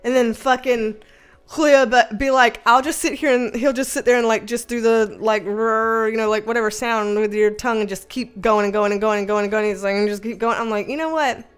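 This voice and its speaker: A woman's voice: a little high, little pitch movement, a little fast, clear, resonant tone, soft background music. A young adult woman from the United States hosting a casual live chat, a bit tipsy, giggly and rambling, swearing casually as she reads out the chat. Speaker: livestream host reading chat.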